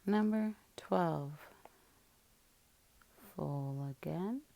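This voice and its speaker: A woman's voice: lowish voice, drawn-out words, gravelly, dark tone. A woman teacher working through a spelling lesson, patiently sounding out each word part by part.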